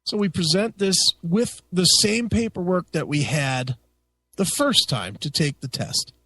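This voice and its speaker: A man hosting a radio talk show, telling a story in a casual, profane and animated way. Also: high-pitched, unhurried. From United States. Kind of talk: casual chat.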